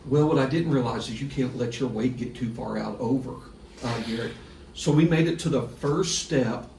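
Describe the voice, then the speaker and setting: A middle-aged man, a sports broadcaster guest on a podcast, telling a story in a lively way and laughing through it. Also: medium pitch, normal speed. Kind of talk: casual storytelling. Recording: echoey room, distant mic, faint hiss.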